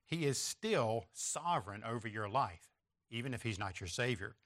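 A man's voice: medium pitch, lively intonation, normal speed, fairly bright tone. A man preaching a sermon, stressing key phrases with emphatic repetition and pointing listeners to an outline. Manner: references an outline and slides to listeners.

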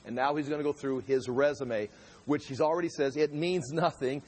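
A man preaching a casual Bible study, walking through scripture line by line and often stumbling and repeating himself as he works his way to the point. His voice sits fairly high for a man and has a husky, slightly rough edge. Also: steady tone, moderate pace, a little mellow. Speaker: pastor teaching a Bible study. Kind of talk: conversational sermon teaching.

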